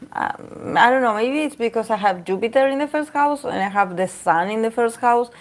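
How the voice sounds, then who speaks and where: A woman's voice: a little high, normal speed, slight background noise. A woman talking casually and candidly about herself, rambling with many fillers and restarts. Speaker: tarot reader. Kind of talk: casual talk to camera.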